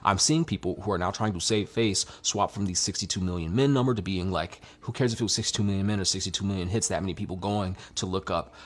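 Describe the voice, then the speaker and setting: Deep, fast-talking man commentator. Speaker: video commentator. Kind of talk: casual commentary.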